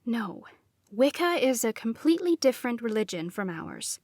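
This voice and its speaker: A woman's voice: on the high side, very animated, normal speed, darkish tone, dry recording. A woman voicing a grave old grandmother witch.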